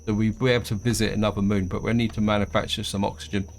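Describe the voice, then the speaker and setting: A man's voice: lowish voice, racing, vocal fry, a little hiss or hum. A man casually commenting on his own gameplay, thinking aloud as he plays. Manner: relaxed, thinking aloud while playing. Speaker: gaming video host.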